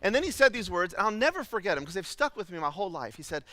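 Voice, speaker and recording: A man preaching a sermon as pastor, telling a childhood story in an animated, self-deprecating way with lots of fillers. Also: sits high, very fast, hardly any pauses, no room sound, long reverb tail. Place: church auditorium.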